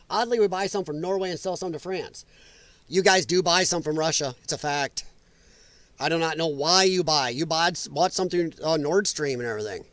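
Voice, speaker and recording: A man's voice: sits high, no echo. A man hosting a casual political livestream, talking loosely and profanely, laughing often and answering chat comments. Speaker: livestream host.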